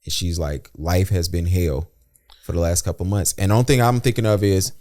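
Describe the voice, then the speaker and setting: A man's voice: deep voice, rapid-fire. A man co-hosting a podcast, telling anecdotes in casual chat and acting out what people said. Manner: animated storyteller, acts out quoted dialogue. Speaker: podcast co-host.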